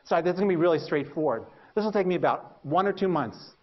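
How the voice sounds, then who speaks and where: A male lecturer with a fairly high voice tells anecdotes about his early research in an animated style, mocking himself and acting out what he used to think. The recording sounds a little muffled. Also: quick pace. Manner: animated storytelling, acts out his past thoughts; self-mocking humor. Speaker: university lecturer.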